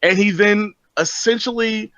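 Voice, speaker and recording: A man's voice: high voice, unhurried, pushed and bright, dry recording. A man in a casual podcast chat, who speaks in a heated, opinionated way. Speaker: podcast co-host.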